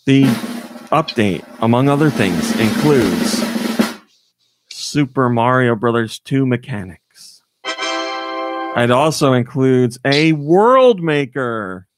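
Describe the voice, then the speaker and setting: A man's voice: medium pitch, expressive, slow pace, pauses often, over music. A man hosting a podcast, chatting casually and rambling with frequent fillers. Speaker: podcast host. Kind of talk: casual chat.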